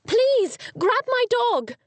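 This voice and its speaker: A woman's voice: fairly high pitch, big pitch swings, moderate pace, no room sound. A woman voicing a spirited young Victorian lady mystery author with refined, polite diction. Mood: urgent shouting.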